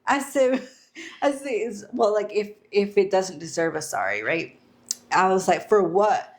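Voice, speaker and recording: A woman's voice: mid-range voice, animated, a little slow. A married woman co-hosting a casual podcast chat, laughing often and acting out the lines she quotes. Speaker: podcast co-host.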